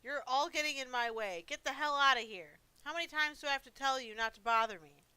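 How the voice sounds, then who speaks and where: A deranged, violent husband in a horror game speaks in harsh, contemptuous threats, read out by a woman. The voice sits a little high and sounds bright and clean. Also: a little fast, clean tone, no echo, low-quality recording. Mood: hostile. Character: unhinged male writer, husband and father, turning violent.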